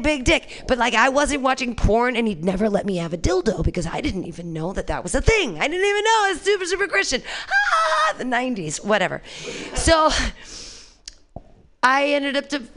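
A woman performing a stand-up comedy set, brash and crude, swinging between shrieked punchlines and low muttered asides. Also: a bit bright. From California.

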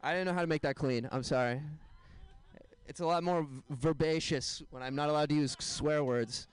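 A young man doing a stand-up set, telling deadpan one-liners with quick asides to the crowd. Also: a little high, clean tone. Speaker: stand-up comedian. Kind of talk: stand-up set at an open mic.

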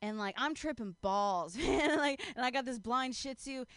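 Woman, stand-up comic, high voice, rambling, laughing, dry close sound. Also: moderate pace, fairly bright tone, clear, resonant tone, no echo. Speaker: stand-up comedian. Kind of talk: stand-up storytelling.

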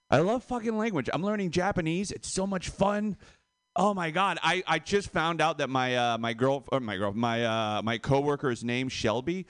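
A man doing stand-up, with a lively voice that swings up and down as he tells his jokes and laughs along with them. The sound is dry and close, with little room around it. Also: on the high side, normal speed, dry recording. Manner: animated, laughs at own jokes. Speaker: stand-up comedian. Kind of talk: stand-up comedy set.

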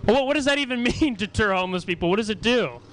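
A man's voice: high voice, expressive, quick pace, a bit bright, poor audio. A man doing a stand-up comedy set on stage, self-deprecating and profane, rambling and chuckling between jokes. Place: comedy stage before a small audience.

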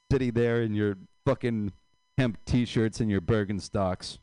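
A man with a fairly low voice works through a stand-up set at an open mic. His delivery is dry and self-mocking. The sound is close and dry, with no room echo. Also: slow, dark tone. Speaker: stand-up comedian.

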